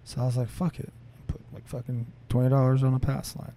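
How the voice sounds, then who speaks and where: A man co-hosting a casual chat, telling stories with lots of swearing, his voice rising sharply when he gets heated. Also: fast. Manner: animated, profane storytelling that climbs in pitch when heated.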